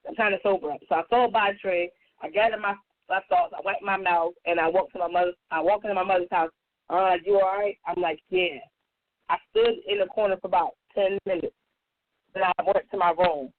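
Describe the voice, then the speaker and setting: A woman on a radio talk show telling a personal story in a casual, profane, animated way. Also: fairly quick. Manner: animated, profane, acts out quotes in a higher voice. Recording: tinny phone-like radio audio.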